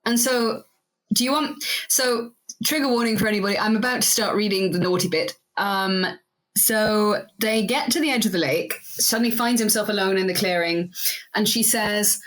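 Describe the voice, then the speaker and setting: A woman's voice: medium pitch, moderate pace, a bit bright. Playful woman reading a story aloud. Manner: playful, laughs between readings. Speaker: podcast co-host.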